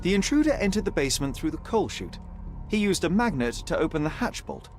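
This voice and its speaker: Sherlock Holmes, a young detective. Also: male voice, high voice, very animated, brisk, over music. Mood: deducing. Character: young male detective, sharp and methodical. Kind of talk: game voice acting, deductive narration.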